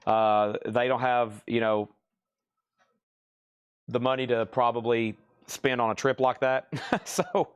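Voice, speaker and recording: A man's voice: medium pitch, fairly even intonation, slow, pauses often, clear, resonant tone. Chatty Southern-accented man. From American South. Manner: rambling, chatty, laughs often. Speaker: live sale host. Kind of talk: casual live-stream selling chat.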